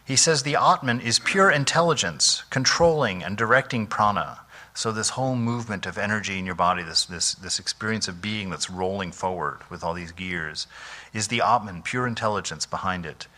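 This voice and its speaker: A man's voice: fairly low pitch, normal speed, sharp tone. A monk giving an informal spiritual lecture, conversational and full of restarts and "you know"s, laughing easily as he goes. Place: temple hall.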